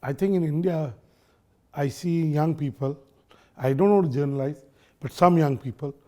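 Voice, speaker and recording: A man hosting an interview, asking measured, thoughtful questions in a conversational way. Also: a little high, warm tone. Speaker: interview host.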